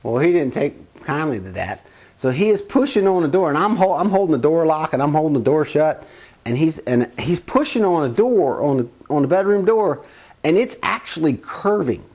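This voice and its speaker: In a slightly high voice at a moderate pace, a man tells a personal family story in an animated, casual, rambling way, acting out the quotes as he goes.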